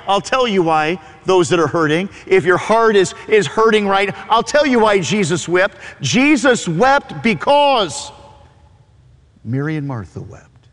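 A man's voice: big pitch swings, a little slow. Fervent preaching man in a reverberant hall. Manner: fervent preaching, swings between soft low murmurs and high cries, stammered repeats. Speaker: pastor. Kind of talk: sermon.

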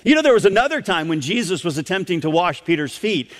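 A man preaching a sermon, emphatic and rising to near-shouts on key words. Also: sits high, big pitch swings, fast talker. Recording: long hall reverb.

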